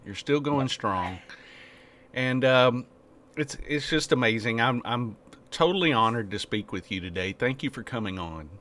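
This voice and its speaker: A man's voice: medium pitch, lively intonation, normal speed, bright, forceful tone, a little hiss or hum. A male host on a video call, closing an interview with eager, effusive praise and thanks. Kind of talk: interview chat.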